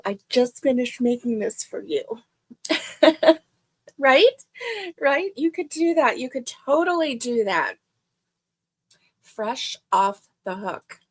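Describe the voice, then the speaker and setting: A middle-aged woman hosting a casual livestream, chatting warmly and greeting viewers by name. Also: a little high. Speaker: livestream host.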